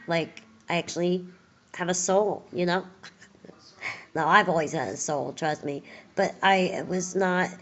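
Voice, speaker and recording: A woman talking slowly and loosely in a home video, rambling with plenty of fillers and pauses. She sounds tired, like someone still recovering from surgery. The sound is dull and lo-fi, and her voice sits a bit low. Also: fairly even intonation, a bit bright. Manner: chatty, rambling, many fillers. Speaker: vlogger. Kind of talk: casual video update.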